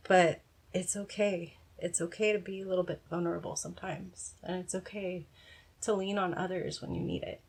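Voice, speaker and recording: A woman's voice: on the low side, husky. A woman giving a casual, frank pick-a-card tarot reading, encouraging and swearing now and then. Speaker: tarot reader.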